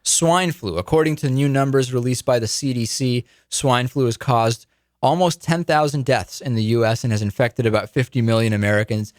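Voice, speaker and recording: Male radio host, average pitch, dry close studio sound, easygoing news chat. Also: moderate pace, dry recording. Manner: conversational, stammers and restarts, chatty asides. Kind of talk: political news talk show.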